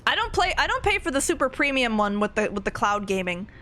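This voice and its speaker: A young woman streamer chats loosely with her viewers, giggling often and trailing off into restarts. Her voice is high and swings widely in pitch, with faint music playing behind her. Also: very animated, quick pace, bright, forceful tone. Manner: chatty, giggly, rambling with restarts. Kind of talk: casual chat with stream chat.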